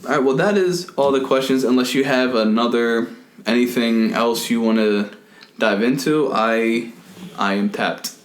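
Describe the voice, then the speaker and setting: A man hosting a podcast, asking questions in a relaxed way and teasing his guest with dry humor. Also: medium pitch, a little slow. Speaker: podcast host. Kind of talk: casual interview. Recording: echoey room.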